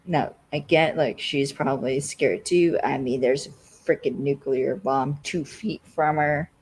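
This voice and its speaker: A podcast co-host casually recapping a TV episode, rambling and filling every pause with "like.". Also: mid-range voice, breathy edge, rough recording. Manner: rambling, constantly says "like".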